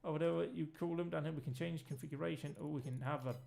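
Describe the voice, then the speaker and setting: Gravelly-voiced man streaming a game. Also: fairly high pitch, steady tone, fast talker, a little mellow. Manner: rambling, jokey, swears freely. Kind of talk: casual let's-play commentary.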